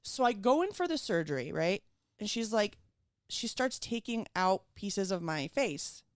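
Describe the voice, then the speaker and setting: A woman from Venezuela telling a personal story in casual chat, animated and full of fillers, acting out the people she quotes. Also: mid-range voice, unhurried, dry recording, studio quality. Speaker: guest.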